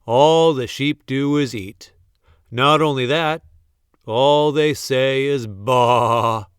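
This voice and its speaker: A man voicing a bored, mischievous young shepherd boy in a storybook reading, with drawn-out complaining and loud shouts. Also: mid-range voice, smooth, no echo, clean studio sound, lightly acted. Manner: drawn-out complaining, shouting when crying wolf. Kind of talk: storybook read-aloud.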